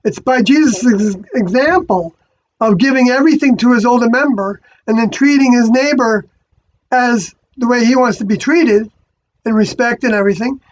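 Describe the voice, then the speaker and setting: A speaker giving a rambling spiritual monologue, halting and often stopping to correct themself. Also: mid-range voice. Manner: halting, many fillers and restarts, self-correcting. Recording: dull lo-fi recording.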